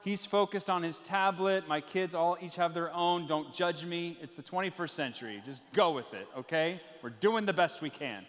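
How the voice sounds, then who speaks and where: A male pastor in his thirties delivers a sermon in a church, with a high-pitched voice that carries a long reverb tail from the hall. He tells stories and throws in playful asides to the congregation. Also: moderate pace, hardly any pauses, fairly bright tone. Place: church sanctuary with live congregation.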